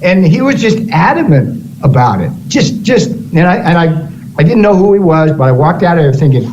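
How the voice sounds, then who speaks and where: A man recounting an anecdote in an interview clip, telling it briskly with acted-out quotes and chuckles. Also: fairly high pitch, sing-song, darkish tone. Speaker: interviewed former official. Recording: dull, lo-fi audio clip with faint noise.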